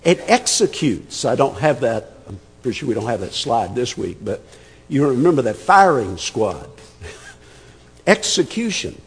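A man's voice: mid-range voice, sing-song, measured pace, breathy edge, long reverb tail. A man preaching an expository sermon, emphatic and conversational, repeating words as he thinks. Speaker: pastor.

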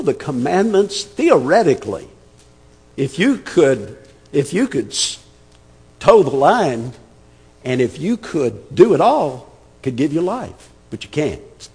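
A man's voice: fairly high pitch, a little mellow, slightly rough, big-room sound. A man preaching an expository sermon, emphatic and conversational, repeating words as he thinks. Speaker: pastor.

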